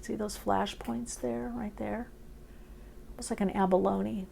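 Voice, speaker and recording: A woman's voice: mid-range voice, fairly even intonation, unhurried, vocal fry, dark tone, slight background noise. A woman doing an intuitive tarot reading, musing aloud in short, dreamy phrases. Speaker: tarot reader. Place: indoors, off camera.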